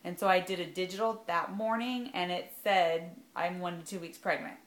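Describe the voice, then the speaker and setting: A woman's voice: fairly low pitch, fairly even intonation, moderate pace, roomy sound. A young adult woman talking casually in a rambling vlog, full of "like" and "um". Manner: chatty, rambling, lots of "like" and "um". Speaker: vlogger sharing fertility journey.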